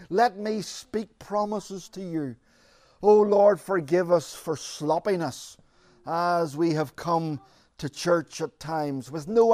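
A man's voice: high-pitched, darkish tone, no echo, studio quality. A man preaching and then leading an earnest, emphatic prayer for his congregation.

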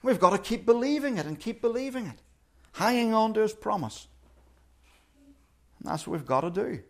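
Earnest high-voiced male preacher with lively pitch. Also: normal speed. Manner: earnest, acts out quoted voices with shifting volume. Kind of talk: sermon.

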